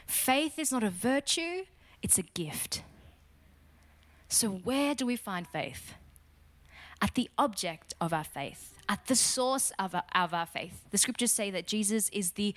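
A woman's voice: mid-range voice, fairly bright tone. A woman preaching a sermon with emphatic teaching rhythm, putting questions to her listeners.

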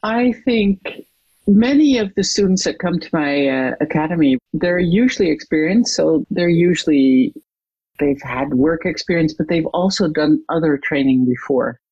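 A coach and trainer, a guest in an interview, who tells a client story with lively retelling and acts out the quoted dialogue. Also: medium pitch, normal speed, husky, dry recording, dull audio.

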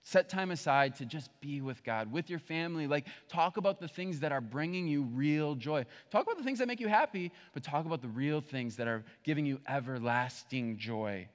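A young male pastor delivers a casual, conversational sermon with a lively, swooping voice that sits a little high. His words ring out with a long reverb, as if spoken in a large church hall. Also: moderate pace, hardly any pauses. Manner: conversational, animated preaching with playful acted asides.

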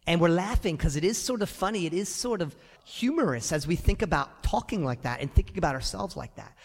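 A male pastor preaching a sermon in a church sanctuary, animated and conversational with touches of humor. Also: on the high side, in a large hall.

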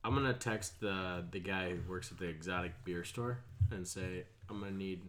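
A man's voice: deep voice, normal speed, a bit bright, reverberant, a little hiss or hum. A man co-hosting a podcast, teasing and swearing in casual banter. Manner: sarcastic, teasing, profane. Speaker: podcast co-host.

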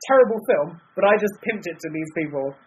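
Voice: mid-range voice, fairly quick, slight background noise, low-quality recording. A podcast co-host in casual chat, ranting about a bad film with acted-out quotes. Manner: animated, rambling film rant with acted-out quotes.

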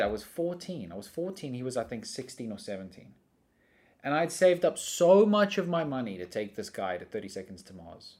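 A young adult man in casual chat, telling rambling stories in animated bursts. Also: mid-range voice. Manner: rambling, animated storytelling that often breaks into laughter.

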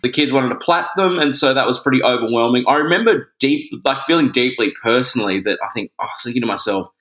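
A man's voice: medium pitch, fast, fairly bright tone. A man, a radio presenter telling a heartfelt story in an earnest way and acting out quotes. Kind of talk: conversational podcast reminiscing. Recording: roomy echoing sound.

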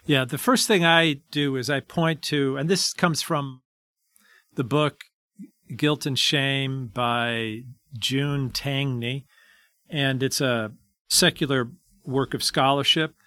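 A man in a dry, close-miked setting works through scripture in an unhurried, measured way. He reads verses aloud before explaining what they mean. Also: medium pitch, bright, forceful tone, no echo. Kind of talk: reading scripture and discussing.

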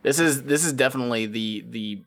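A man co-hosting a casual album discussion podcast, talking in a halting way with many fillers. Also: mid-range voice, a bit bright, no echo, clean studio sound. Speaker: podcast co-host.

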